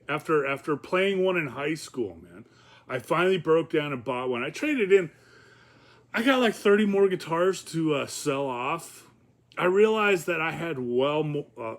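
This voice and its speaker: A man's voice: a little high, a bit bright. A man talking casually in a rambling, profane vlog, with many fillers and chuckles. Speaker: vlogger.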